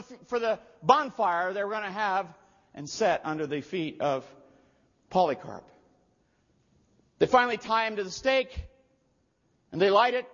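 A pastor with a high voice delivers a sermon in storytelling fashion, surging into loud, forceful emphasis. The sound is muffled and lo-fi, with a long reverb from the church hall around him. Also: male voice. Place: church sanctuary.

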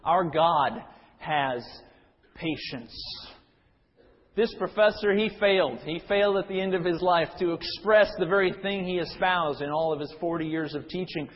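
A man's voice: a little high, normal speed, lo-fi sound. Man preaching in a reverberant hall. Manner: storytelling, then earnest preaching with fillers and restarts. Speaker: pastor. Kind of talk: sermon.

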